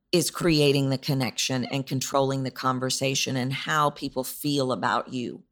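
Host, female, low register, emphatic voice-coach podcast delivery. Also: fairly bright tone. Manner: emphatic, repetitive, demonstrates vocal delivery. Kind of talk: solo podcast teaching.

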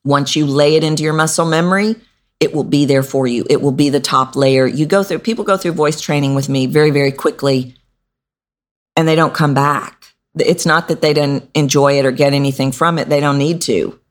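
A middle-aged woman hosting a podcast as a voice coach. She talks in an animated, demonstrative way and swoops up in pitch to stress words. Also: brisk. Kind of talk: instructional podcast talk.

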